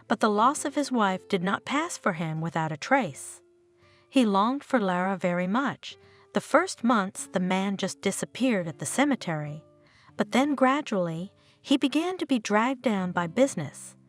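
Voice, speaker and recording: Woman narrating a story with lively pitch. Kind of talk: scripted narration. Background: faint guitar music.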